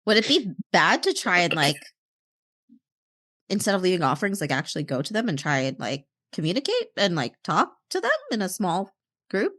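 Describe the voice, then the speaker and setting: A woman chatting through a tabletop role-play game, full of fillers. Her voice sits low, but her pitch moves a lot. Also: sing-song, brisk, fairly bright tone. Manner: chatty, lots of likes, laughs easily. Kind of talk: casual play chat.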